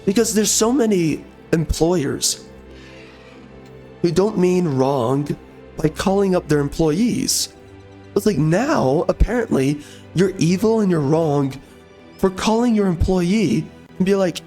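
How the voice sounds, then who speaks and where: A man with a fairly high, hoarse voice talks through a strategy game, ranting in a blunt, casual way. He peppers his talk with mild minced swears, and faint game music plays underneath. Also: animated, a little slow, dark tone. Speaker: gameplay commentator. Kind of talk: casual gameplay commentary.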